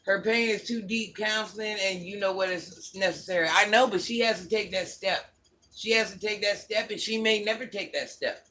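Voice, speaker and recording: A woman's voice: medium pitch, steady tone, moderate pace, pushed and bright. An older woman hosting a casual livestream, bluntly scolding and answering viewer comments. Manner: sassy, scolding, blunt talk-back. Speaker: livestream host.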